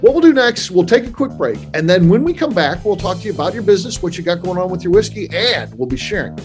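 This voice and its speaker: A man's voice: high-pitched, sing-song, fast, soft background music. A man hosting a podcast interview, speaking enthusiastically and repeating words as he thinks. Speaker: podcast host. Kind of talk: casual interview chat.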